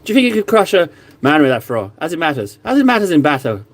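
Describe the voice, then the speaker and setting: A man doing a high, rough impression of a boastful young Scottish warrior with a Scottish accent. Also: very animated, fast. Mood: challenging.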